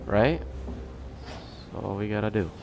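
A man playing a horror game, talking to it out loud, jumpy and quick to swear. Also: fairly low pitch, background noise. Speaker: gaming video host. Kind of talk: let's play horror game commentary.

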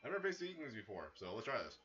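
A man giving casual, excitable commentary as he plays a video game, breaking into sudden loud outbursts. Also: mid-range voice, very fast, highs cut off, soft background music. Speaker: gaming streamer. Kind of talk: casual let's-play commentary.

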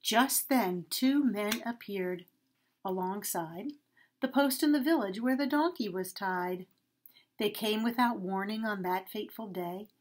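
A woman reading a rhyming story aloud to children at a church, expressive and sing-song. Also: mid-range voice.

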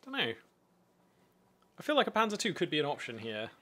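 A man giving animated live commentary on a strategy game from a home streaming setup, thinking aloud with frequent restarts. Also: on the high side, brisk.

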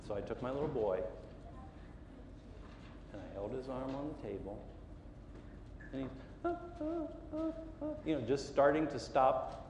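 A man's voice: medium pitch, moderate pace, long pauses, echoey room, in a large hall, noisy background. A middle-aged man preaching a sermon, telling a story with lots of energy and acting out the voices and sounds. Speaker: pastor. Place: church sanctuary.

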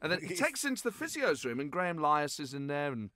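A lively man in his thirties hosts a casual podcast chat, telling stories with frequent laughter. His voice sits a touch high and rings bright and forceful. It is close and dry, with no room around it. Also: quick pace, no echo. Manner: lively storyteller, laughs often. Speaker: podcast host.

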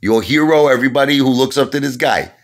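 A man's voice: mid-range voice, quick pace. A man delivering an emphatic comedic trash-talk rant to camera, repeating himself and pressing the point again and again. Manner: emphatic and repetitive, keeps saying "listen to me" and "okay?". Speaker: vlogger.

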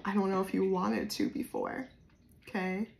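Woman, new jersey accent, tarot reader, chatty, loose, lots of fillers, soft then suddenly loud. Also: medium pitch, huge pitch swings, moderate pace, gravelly, a little hiss or hum. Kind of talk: casual tarot reading to camera.

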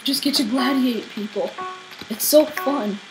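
A woman hosting a game channel, giving casual let's-play commentary, excitable and yelling at opponents. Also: high-pitched, a little slow, over music, rough recording. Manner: excitable, squealing and shouting at opponents. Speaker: gaming channel host.

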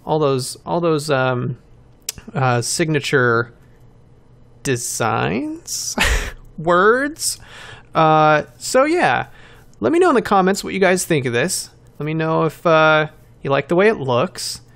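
A man's voice: mid-range voice, gravelly, fairly bright tone, a little hiss or hum. A man hosting a game channel, giving casual commentary while building and thinking aloud, with self-mocking asides.

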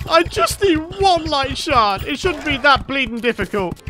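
A man giving excitable Let's Play commentary while gaming, often exclaiming and laughing. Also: very high voice, moderate pace, soft background music. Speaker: gaming YouTuber.

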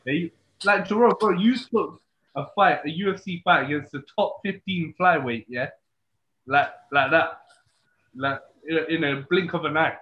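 A man with a fairly high voice hosts a podcast at normal speed, keeping a casual interview chat loose and sprinkling his questions with "bro" and "yeah." The lo-fi audio is echoey and muffled, with slight background noise.

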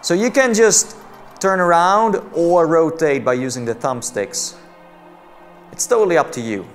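A man's voice: fairly high pitch, measured pace, soft background music. A man giving let's-play commentary on a game. He is jumpy and jokey, exclaiming and laughing as he plays. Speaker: VR gameplay commentator.

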